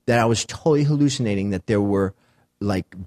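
A man's voice: lowish voice, brisk, a little mellow, no room sound, clean studio sound. A middle-aged man telling a wild story in casual chat, swearing and acting out the voices of the people in it. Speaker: guest.

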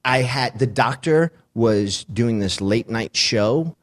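Animated storytelling man, dry sound. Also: mid-range voice, takes it slowly, dry recording. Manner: animated storyteller, swears, acts out voices. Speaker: guest. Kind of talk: casual storytelling chat.

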